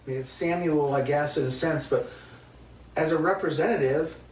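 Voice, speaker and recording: A man's voice: a little high, steady tone, moderate pace. Guy teaching bible class, talks far from the mic, echoey room, faint hum behind. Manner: conversational, emphatic with rhetorical questions. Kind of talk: Bible study lesson. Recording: roomy, distant mic with faint ambience.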